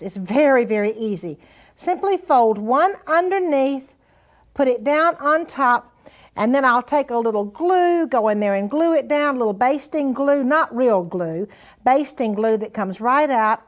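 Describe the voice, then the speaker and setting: An older woman hosting a sewing show, demonstrating steps in a folksy, encouraging way. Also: on the high side. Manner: chatty, folksy, encouraging, says "honey" and "now then".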